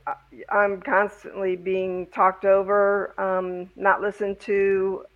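A woman speaking slowly and haltingly in casual conversation, often agreeing with the other speaker. The sound is dull and lo-fi. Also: mid-range voice, monotone. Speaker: conversation partner.

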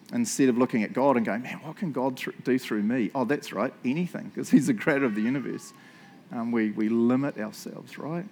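In church, a pastor with a New Zealand accent gives a chatty, joking sermon. His voice is medium-pitched with a darkish tone, and he frequently finishes phrases with "eh?" or "right?"

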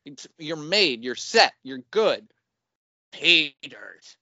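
Exasperated male theater director, insistent and patient, played by a man in a story. Bright, dry sound. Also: on the high side, measured pace, dry recording, highs cut off.

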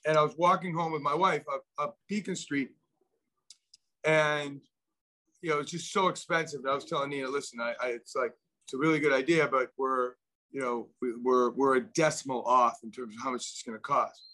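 A man's voice: medium pitch, steady tone, fairly quick, bright, forceful tone. A middle-aged man telling a long personal story as an interview guest, rambling with many restarts and repeated words. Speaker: guest, venture investor.

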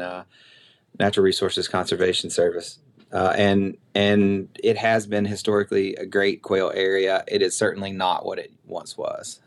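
Southern man, deep gravelly voice, relaxed podcast guest. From Tennessee. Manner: relaxed, drawling, with many fillers. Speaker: podcast guest, conservation biologist. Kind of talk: casual remote interview chat. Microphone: remote call.

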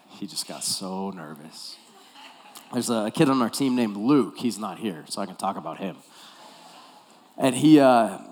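A man preaching a sermon as pastor, telling a story with animated delivery and acting out the scenes. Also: on the low side.

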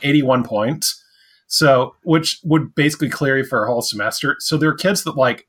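Husky man cracking deadpan jokes. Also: medium pitch. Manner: deadpan jokes, hesitant restarts. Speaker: podcast co-host. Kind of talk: casual podcast chat.

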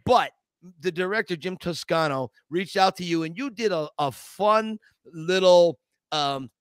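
A man's voice: high voice, measured pace, clear, resonant tone, no room sound, clean studio sound. A man hosting a podcast, chatting and telling family stories in an enthusiastic, rambling way. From Italian-American family. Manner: enthusiastic, rambling, animated storyteller. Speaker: podcast host. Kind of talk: casual interview chat.

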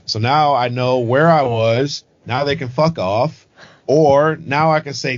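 A man's voice: mid-range voice, unhurried, no room sound, highs cut off. A Scottish man co-hosting a casual podcast chat, insisting on being heard and swearing freely. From Scotland. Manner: insistent, talks over others, swears freely. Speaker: podcast co-host.

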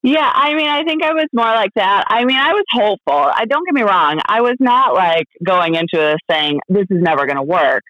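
A woman speaking as an interview guest, candid and halting, full of fillers and restarts, laughing now and then. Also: mid-range voice, lively intonation, dry recording, highs cut off. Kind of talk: casual interview chat.

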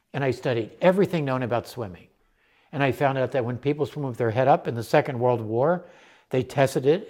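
A man's voice: medium pitch, darkish tone. An older man tells a personal story with animation and acts out the other people's voices.

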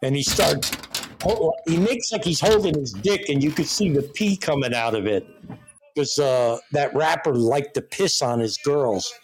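A man's voice: fairly high pitch, unhurried. A man hosting a casual chat, telling rambling, profane stories. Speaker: host.

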